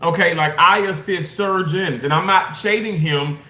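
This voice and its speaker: A man who assists in surgery tells a rambling, animated story to his viewers, often restarting and repeating himself. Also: high-pitched, moderate pace, echoey room. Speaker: surgical staff member. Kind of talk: casual storytime rant to camera.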